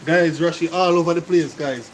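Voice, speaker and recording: A man's voice: a little high, steady tone, moderate pace, noisy background. A man with a Jamaican accent co-hosting a cooking live stream, chatting to viewers and explaining things in patois. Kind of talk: casual live-stream chat.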